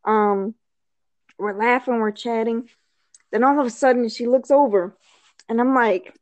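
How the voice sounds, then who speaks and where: Chatty woman guest, high-ish voice, dry room sound; rambling anecdote with fillers and laughter. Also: a little slow, pauses often, a little mellow, no echo. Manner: rambling, filler-heavy, laughs often, acts out quotes. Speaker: storyteller on a chat show. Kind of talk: casual storytelling chat.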